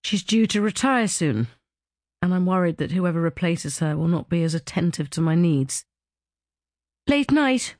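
A woman narrating a first-person novel as an audiobook, with a dry, wry, measured delivery. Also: on the low side, a little mellow, dry recording. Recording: dry close studio sound.

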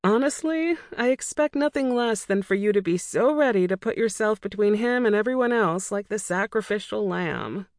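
A woman voicing a blunt, fiercely loyal young woman friend in an audiobook, in a sharp, teasing and scolding manner. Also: mid-range voice, expressive, normal speed, few pauses, no room sound, clean studio sound, pitched above the performer's own voice, lightly acted. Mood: earnest. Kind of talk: audiobook dialogue.

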